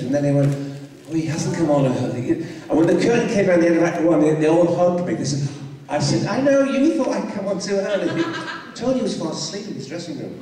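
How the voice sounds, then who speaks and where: Guy on a convention panel spinning a theatre story, does the voices, far off in a big echoey hall with a crowd. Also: a little high. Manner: lively storyteller, acts out voices. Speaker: panel guest actor.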